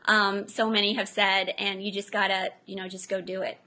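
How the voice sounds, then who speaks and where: A middle-aged woman, an entrepreneur guest in a casual interview, telling lively stories and acting out what people said. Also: mid-range voice, moderate pace. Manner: animated storyteller, acts out quotes.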